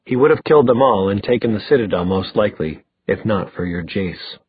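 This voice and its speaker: Husky man narrating an audiobook. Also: lowish voice, dry recording. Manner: steady, measured reading. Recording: tinny phone-like dry recording.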